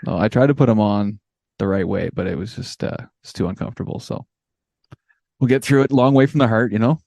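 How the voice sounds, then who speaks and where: A man's voice: on the low side, fairly quick, creaky, darkish tone, no room sound. A man co-hosting a podcast, easygoing and laughing along in casual chat. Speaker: podcast co-host.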